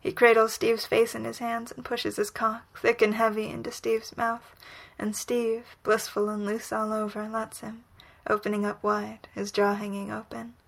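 A woman reading a romantic story aloud in whispered role-play, soft, breathy and unhurried. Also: a little high, monotone. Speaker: reader.

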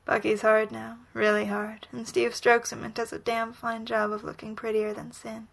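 A woman reading a romantic story aloud in whispered role-play, soft, breathy and unhurried. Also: fairly high pitch, monotone. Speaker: reader.

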